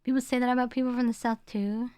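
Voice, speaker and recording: A woman's voice: a little high, little pitch movement, fast talker, darkish tone, smooth, no echo, studio quality. A young woman, chatting casually with her stream chat, rambling and laughing as she goes. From England.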